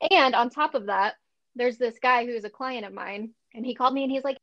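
A woman's voice: on the high side, a little fast, no room sound, lo-fi sound. A woman in her thirties from Western Nebraska, co-hosting a podcast and telling stories with lots of giggles. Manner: giggly, animated storytelling. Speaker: podcast co-host. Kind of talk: casual chat.

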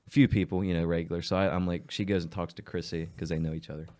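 A young man co-hosting a podcast, telling stories in a relaxed, rambling way with lots of fillers. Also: low-pitched, racing. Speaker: podcast co-host. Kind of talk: casual chat.

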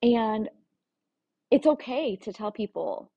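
A woman's voice: medium pitch, measured pace, darkish tone, breathy edge. A woman talking frankly in a casual personal monologue, confessional and plain-spoken, with the odd swear word. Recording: dull lo-fi recording.

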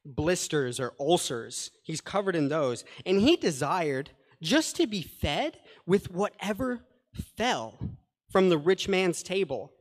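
A man's voice: high-pitched, lively intonation, takes it slowly. A man preaching a sermon, earnest and conversational, adding plain paraphrases and asides to the scripture he reads. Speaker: pastor. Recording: long hall reverb.

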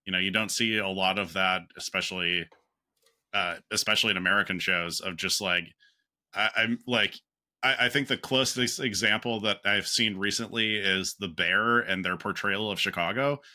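A man in a casual podcast discussion, speaking haltingly with restarts and laughing through his talk. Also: deep voice, fairly even intonation, pushed and bright.

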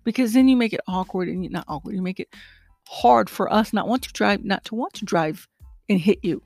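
A woman vlogger chatting casually to her viewers in a rambling, animated way about her pet peeves. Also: mid-range voice, brisk, creaky, no room sound, studio quality, faint music behind. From lives in Texas. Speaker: vlogger and rideshare driver. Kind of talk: casual chat to camera.

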